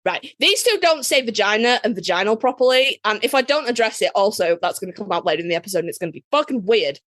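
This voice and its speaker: A woman's voice: medium pitch, lively intonation, quick pace, a bit bright, no room sound. A woman hosting a podcast in casual chat, blunt and joking, swearing freely. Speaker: podcast host.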